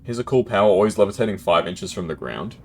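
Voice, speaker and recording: A man's voice: on the low side, expressive, fast, a little mellow, a little hiss or hum. A man casually commentating his gameplay as a streamer, chatty and laughing often, with keyboard typing close to the mic.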